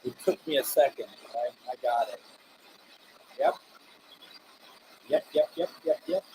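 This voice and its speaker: A man's voice: mid-range voice, lively intonation, measured pace, a little mellow, a little hiss or hum, poor audio. A man hosting a live spirit box stream, talking to spirits and reading out viewer comments.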